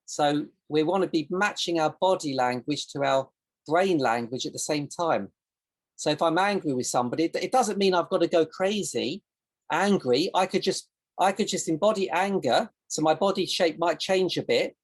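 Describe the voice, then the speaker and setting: A woman's voice: low voice, moderate pace. A woman teaching a casual online coaching session over a video call, in a loose, rambling way with plenty of examples. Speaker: self-discovery coach.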